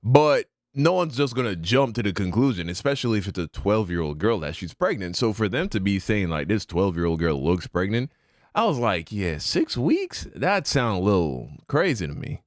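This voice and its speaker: A man's voice: fairly low pitch, very animated, moderate pace, dry recording, studio quality. A married man hosting a reaction video, talking things through casually with sudden shocked outbursts. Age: adult, married. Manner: thoughtful, explains at length, sudden shocked outbursts.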